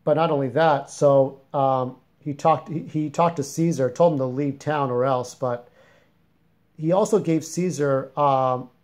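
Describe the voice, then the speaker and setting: A man talks through the plot of a story he wrote, keeping it loose and conversational. His pitch sits in an ordinary middle range for a man. He wanders a little and doubles back without any polish. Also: a little slow, darkish tone. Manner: rambling, informal, plain-spoken retelling. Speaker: fiction writer summarizing his story. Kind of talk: casual spoken story summary.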